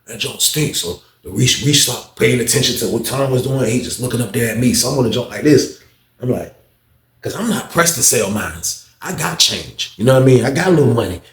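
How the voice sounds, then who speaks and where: In an echoey room, a man recounts a story at a fairly quick clip, voicing what others said by raising his pitch. His delivery is lively and laced with plenty of profanity.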